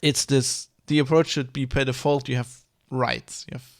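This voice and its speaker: A man's voice: mid-range voice, steady tone, normal speed, no room sound, clean studio sound. A man with a mother tongue, ranting in a casual vlog, rambling and heated, with many restarts and swearing. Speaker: vlogger. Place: Germany.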